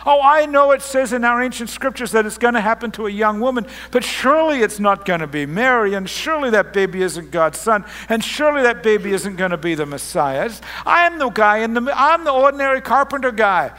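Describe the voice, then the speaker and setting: A man voicing an ordinary young carpenter, baffled and indignant, exclaiming in loud disbelief. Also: extremely high pitch, lively intonation, a little fast, few pauses, in a large hall, voice pushed up, exaggerated voice. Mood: incredulous.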